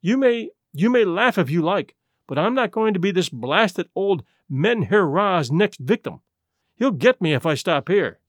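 A nervous young secretary, voiced by a man in an audiobook, talking in a jittery, hurried way. The voice is high, lively and dry. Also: dry recording. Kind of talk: audiobook character voice.

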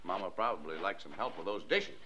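A man's voice: deep voice, lively intonation, fast talker, bright, forceful tone. An actor playing an easygoing small-town father who soothes and humors his daughter in 1940s radio acting. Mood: humoring. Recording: dull old radio broadcast.

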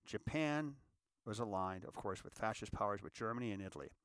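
A man giving a reflective inspirational talk, calling listeners ladies and gentlemen and repeating phrases for emphasis. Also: on the low side, brisk, clean tone, no room sound, studio quality. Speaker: inspirational speaker.

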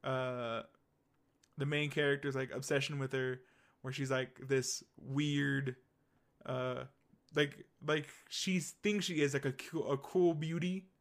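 A young man chats casually as a podcast co-host, his voice sitting at an ordinary middle pitch. He rambles enthusiastically, piling up fillers and restarts as he goes. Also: steady tone, slow pace. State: hiccups. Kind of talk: casual chat.

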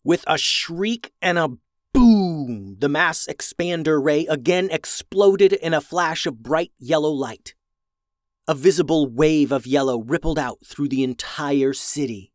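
A man reading a children's adventure story aloud, with lively voices for the characters. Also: fairly high pitch, measured pace, no echo, studio quality. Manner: animated, raises voice for characters' lines.

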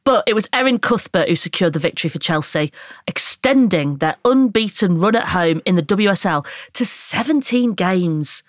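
A woman's voice: medium pitch, lively intonation, normal speed, no room sound, clean studio sound. Chatty, giggly woman. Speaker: podcast co-host. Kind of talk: casual chat and football recap.

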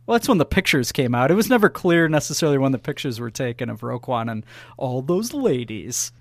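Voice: mid-range voice, big pitch swings, fairly quick, no echo. A sports podcast co-host chatting casually, laughing often and swearing now and then.

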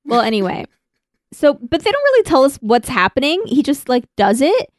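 A woman's voice: high-pitched, huge pitch swings, moderate pace, no room sound, studio quality. A young woman co-hosting a podcast, chatting casually with frequent laughs and fillers. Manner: giggly, chatty, lots of fillers. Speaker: podcast co-host. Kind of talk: casual chat.

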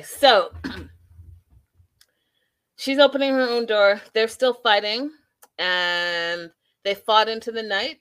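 A woman hosts a reality TV recap podcast with a lively, opinionated delivery. She talks casually at a middle pitch and slips into quick impressions of the people she's discussing. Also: clear, resonant tone. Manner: animated, opinionated, acts out quotes. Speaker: podcast host reviewing reality TV.

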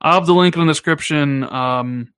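A man co-hosting a gaming podcast, talking in a casual, teasing way and jumping up in pitch when he jokes. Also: normal speed, clear, resonant tone. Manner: animated, teasing, pitch jumps up when joking. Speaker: podcast co-host.

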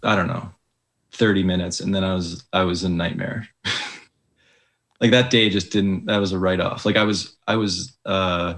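A man's voice: sits low, fairly even intonation, normal speed, fairly bright tone. A young man, an Olympic ski jumper, talking casually as an interview guest, hesitant with many likes and restarts.

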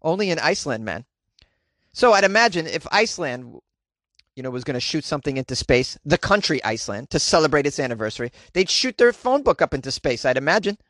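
A man's voice: on the high side, very animated, quick pace, fairly bright tone, no echo, studio quality. Sarcastic man hosting a comedy news show. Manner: sarcastic and jokey, mocking the stories. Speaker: podcast host.

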